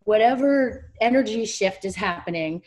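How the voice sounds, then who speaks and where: A woman's voice: medium pitch, lively intonation, moderate pace, darkish tone. Thoughtful woman telling a story. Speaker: panelist. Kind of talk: casual panel chat.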